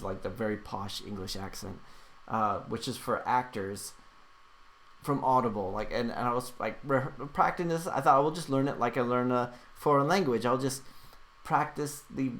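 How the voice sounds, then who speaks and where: A man's voice: mid-range voice, fairly bright tone. Rambling man hosting a livestream. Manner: rambling, many fillers and restarts. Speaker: livestream host reading chat. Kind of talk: casual live chat.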